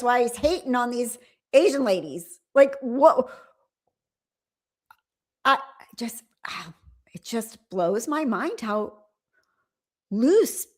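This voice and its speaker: Chatty woman host reacting with laughs. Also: on the high side. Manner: laughing, incredulous asides. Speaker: live stream host reacting to clips. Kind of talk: casual reaction commentary.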